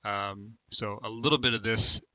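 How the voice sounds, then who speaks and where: In a dry recording, a man from the United States in his thirties speaks at a moderate pace with a fairly low, fairly even, sharp-toned voice. He's hosting a laid-back livestream, rambling with lots of fillers, reading comments aloud and talking to viewers by name.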